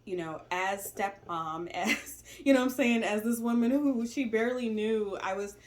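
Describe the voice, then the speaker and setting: A woman's voice: medium pitch, moderate pace. A woman in her forties talking reflectively about family in a casual chat, with many "you know" fillers. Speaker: stepmother co-host.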